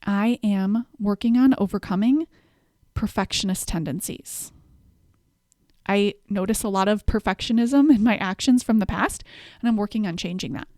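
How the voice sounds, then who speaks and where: A woman's voice: medium pitch, normal speed, a little mellow, dry recording, clean studio sound. A woman hosting a self-help podcast, walking through numbered tips in an encouraging coaching tone. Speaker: podcast host.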